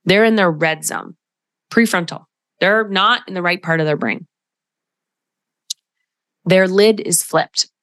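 A woman's voice: on the low side, slow, pauses often, a bit bright, no echo. Direct, coaching podcast woman, dry close sound. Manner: direct, coaching tone with emphatic asides. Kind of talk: solo podcast talk.

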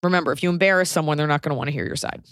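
A woman in her thirties chats on a podcast, blunt and wry, slipping into little acted-out voices when she quotes people. Her voice sits a bit low, and the sound is dry and close. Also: rapid-fire, a bit bright, clean tone, dry recording. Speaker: podcast co-host. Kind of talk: casual chat.

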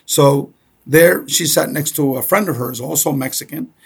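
Middle-aged Cuban-born man, gravelly and husky, chatty storyteller who keeps asking "okay?". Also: on the high side, normal speed. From Cuba. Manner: repeats "okay?" often, animated storyteller. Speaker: guest. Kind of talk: casual storytelling.

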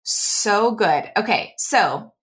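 A woman co-hosting a podcast in casual chat, talky and quick to react with laughs. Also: medium pitch, lively intonation, fairly bright tone. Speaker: podcast co-host.

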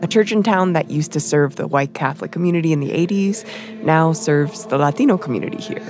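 Reporter voice, mid pitch, measured scripted narration, soft music behind. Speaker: radio reporter.

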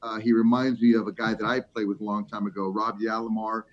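Man telling animated stories, muffled audio. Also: on the low side, fast talker. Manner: storytelling, animated, with many fillers. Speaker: former ballplayer and baseball analyst. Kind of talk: casual sports chat.

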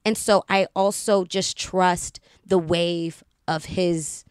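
An actress from Baltimore telling a lively story as a guest on a casual chat show, slipping into the voices of the people she quotes. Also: on the low side, slow, clean tone, no room sound, studio quality.

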